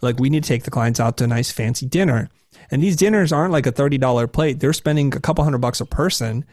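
A man in his forties tells candid stories about himself with self-deprecating humor. He is animated, and his voice leaps up high and squeaky whenever he quotes his nervous younger self. The recording is dry and close, with no room sound. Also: fast talker, dry recording. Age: 40s. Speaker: guest. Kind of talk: candid conversational storytelling.

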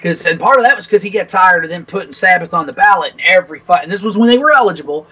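A man's voice: high voice, animated, racing, bright, forceful tone, slightly rough, lo-fi sound. A man co-hosting a podcast in casual chat, blunt and opinionated, swearing freely. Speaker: podcast co-host.

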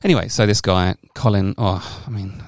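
A man's voice: lowish voice, moderate pace, no room sound, clean studio sound. A man co-hosting a casual podcast, rambling and joking through a news story and swearing freely. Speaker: podcast co-host.

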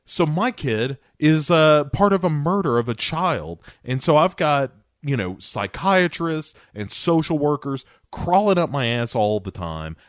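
A man's voice: fairly high pitch, sing-song, measured pace, few pauses, dry recording, studio quality, voice pushed up. A man voicing an exasperated, overworked male agent and father, ranting bitterly and sarcastically. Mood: angry ranting.

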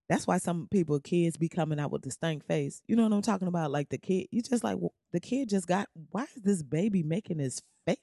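Young woman podcast host, loose comedic rant, slangy and animated, dry close mic. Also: sits low, a little fast, no echo. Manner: animated, slangy, beatboxes and riffs.

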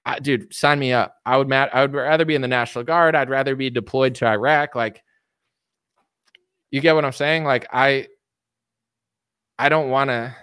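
A man's voice: medium pitch, steady tone, moderate pace, long pauses, a bit bright, clean tone, no echo, clean studio sound. A man ranting casually on a livestream, reading out and answering chat comments with lots of fillers and restarts. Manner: rambling, filler-heavy, frequent restarts. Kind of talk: casual political rant.

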